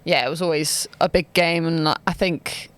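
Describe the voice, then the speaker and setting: A young woman from Bristol, a podcast guest who talks casually and hesitantly, often pausing with ums and likes. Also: deep voice, fairly even intonation, no room sound. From Bristol, England. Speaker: guest basketball player.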